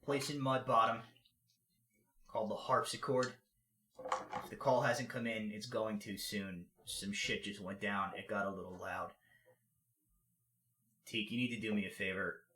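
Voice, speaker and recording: A man voicing a rumpled, hangdog human investigator in his fifties, talking gruffly and tersely. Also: lowish voice, steady tone, measured pace, long pauses, bright, forceful tone, roomy sound. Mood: urgent. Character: rumpled weary middle-aged human investigator.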